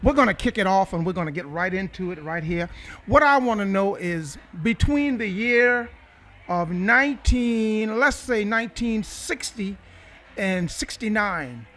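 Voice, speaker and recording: A man's voice: high voice, animated, measured pace, a bit bright. A man hosting a community TV show, interviewing classmates in a folksy, rambling way. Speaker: host. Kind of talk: casual interview.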